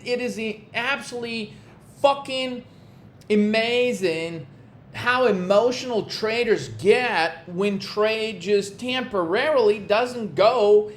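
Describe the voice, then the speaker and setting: A man talking as a trading coach in a vlog, ranting bluntly with constant swearing and exasperation. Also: sits high.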